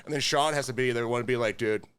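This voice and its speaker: A man's voice: mid-range voice, fast talker, a bit bright, clean tone. A man who works as a chef, chatting casually on a podcast, swearing freely and acting out his own kitchen rants. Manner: profane, laughing, acts out angry rants. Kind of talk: casual chat.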